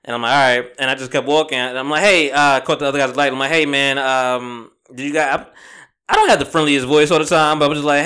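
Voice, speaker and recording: A man's voice: mid-range voice, steady tone, pushed and bright, clean tone. A man hosting a podcast, chatting casually and telling a rambling story full of fillers and swearing. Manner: says he talks fast. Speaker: podcast host. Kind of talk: casual chat.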